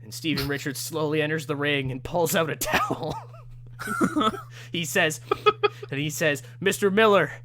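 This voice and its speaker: A young man co-hosting casual game commentary, telling the action in an animated way and laughing often. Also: fairly high pitch, normal speed, pauses often. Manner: animated storytelling, laughs often, slips into voices. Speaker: co-host.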